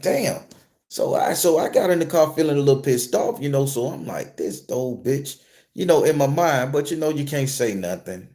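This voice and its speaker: Man vlogger, mid-pitched voice, swearing storyteller, hammers his points hard. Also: a little mellow. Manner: blunt, profane, emphatic. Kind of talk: casual storytelling rant.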